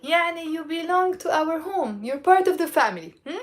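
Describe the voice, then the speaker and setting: Teaching Arabic casually with a Lebanese accent, this woman has an extremely high-pitched, expressive voice. She's chatty, says phrases again slowly, and keeps asking "okay?"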